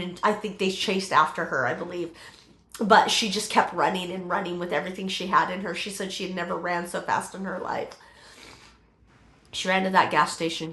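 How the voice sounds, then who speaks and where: A middle-aged woman telling her personal testimony in an interview, halting, with many fillers and restarts. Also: lowish voice, bright, forceful tone, roomy sound.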